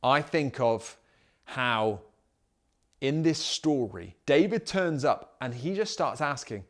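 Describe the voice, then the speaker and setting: A man's voice: medium pitch, animated, slow pace, fairly bright tone. A man preaching a sermon as pastor, emphatic and full of rhetorical questions.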